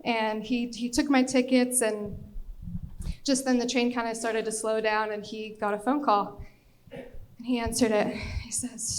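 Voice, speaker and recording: Lively young woman telling a story. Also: fairly high pitch, moderate pace. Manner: lively, animated, acts out quoted voices. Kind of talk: live storytelling on stage.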